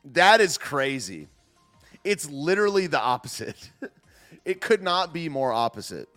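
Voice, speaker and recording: A man's voice: a little high, big pitch swings, a little slow, a bit bright, faint music behind. A young man hosting a livestream, chatting casually about the news, joking and laughing often in slangy talk. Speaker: livestream host.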